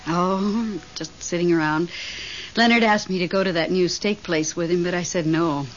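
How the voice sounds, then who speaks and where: An actress in a vintage radio drama, playing a lonely widowed woman haunted by her late husband, who is lively and easily startled. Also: fairly low pitch, normal speed, natural voice. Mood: wistful. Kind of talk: 1970s radio drama acting. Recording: dull hissy old radio recording.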